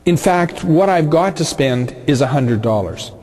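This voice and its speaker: A man's voice: a little high, lively intonation, a little slow, a crowd in the background. A man voicing an eager, cheeky young male farmer in a told story.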